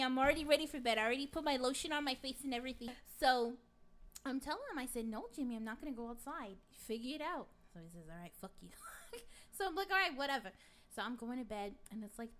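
A woman's voice: a little high, a bit bright, close to an everyday voice. A woman playing a brash, crude middle-aged gossip in a comic sketch, rambling through a story with plenty of swearing. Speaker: guest.

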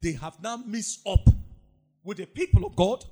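A man preaching a sermon as pastor, swinging from loud emphatic lines to low mocking asides. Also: big pitch swings, normal speed.

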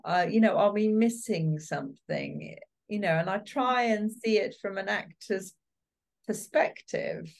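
A woman's voice: mid-range voice, measured pace, gravelly. A woman working as a casting director, talking animatedly as an interview guest and laughing often. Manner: animated, laughs often, acts out quoted reactions. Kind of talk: interview guest, casual conversation.

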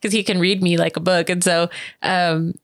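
A woman telling a personal story in casual chat, animated, full of fillers, acting out quoted voices with big pitch jumps. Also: normal speed, no room sound, clean studio sound. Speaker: interview guest.

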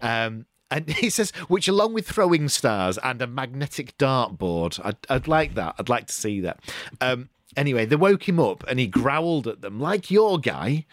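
A man's voice: medium pitch, big pitch swings, moderate pace, no echo. A man co-hosting a podcast, reading out odd news stories with chatty asides and restarts. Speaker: podcast co-host. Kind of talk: casual chat.

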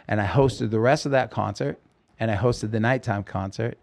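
A man's voice: fairly low pitch, moderate pace, gravelly. A man in his fifties, a rock singer guesting on a podcast, telling a long story and acting out the dialogue. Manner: animated storyteller, acts out dialogue. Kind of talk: storytelling interview.

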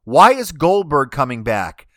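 Ranting, animated male podcast host. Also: on the high side, a little slow, dry recording, clean studio sound. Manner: animated, ranting, talks over himself with restarts. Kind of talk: casual chat.

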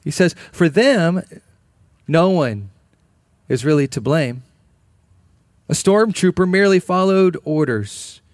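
A man's voice: high-pitched, a little mellow, no echo, studio quality. A man preaching a sermon in an earnest, emphatic way, repeating key phrases. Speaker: pastor.

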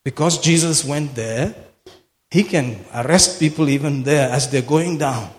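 A man preaching a sermon, emphatic, dropping to low murmurs and then bursting into shouts. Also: measured pace. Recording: long hall reverb.

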